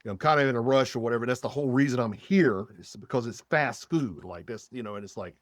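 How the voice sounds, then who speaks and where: A podcast guest tells a long story in casual chat, full of fillers and restarts. He talks fast in a mid-range voice. The studio sound is clean, with no room sound.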